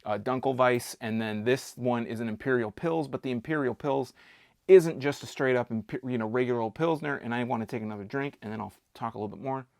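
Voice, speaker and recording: A man talking through a beer tasting in a relaxed, rambling way, cracking small jokes as he goes. His voice has a gravelly edge and sits at a middle pitch, recorded close and dry with no room sound. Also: a little fast, no echo. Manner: chatty, jokey, rambling with restarts. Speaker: beer reviewer. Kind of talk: casual beer tasting vlog.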